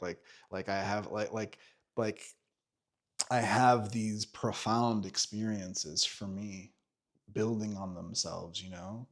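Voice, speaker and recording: A man in his thirties telling a personal story in a candid vlog, animated, swearing freely and full of fillers and restarts. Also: lowish voice. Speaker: vlogger.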